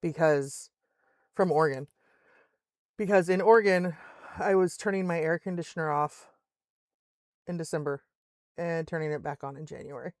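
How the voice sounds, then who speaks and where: A woman's voice: low-pitched, normal speed, long pauses, darkish tone, no echo, clean studio sound. An older woman telling stories in a casual chat while streaming a game, laughing often and acting out the voices of other people. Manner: chatty storyteller, laughs often, acts out voices. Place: home in Alaska.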